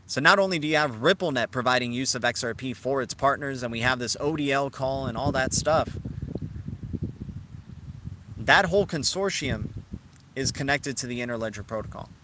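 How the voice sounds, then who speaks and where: A man hosts a live stream in a loose, chatty way, answering viewers in the chat as he goes. His voice is bright and sharp, sitting at an ordinary middle pitch. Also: normal speed, long pauses, a little hiss or hum. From Cuban heritage. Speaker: crypto livestream host. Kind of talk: casual live-stream commentary.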